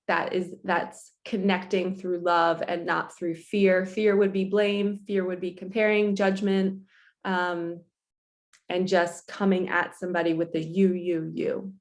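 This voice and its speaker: A woman's voice: lowish voice, flat delivery, unhurried. A woman giving a casual spiritual morning talk as a coach, chatty and earnest, laughing often and swearing casually.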